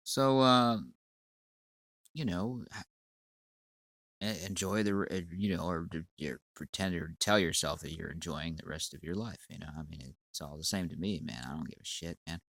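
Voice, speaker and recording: A man's voice: low voice, normal speed, a bit bright, no echo. A man with a sinus cold delivering a profane, rambling, stammering rant at a commenter on his channel. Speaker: channel owner. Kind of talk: ranting monologue.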